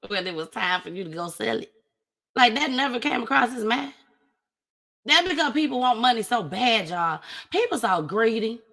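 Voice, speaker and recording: A woman hosting her own show, telling a personal story in an animated, casual way with big swings in pitch and loudness. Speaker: host.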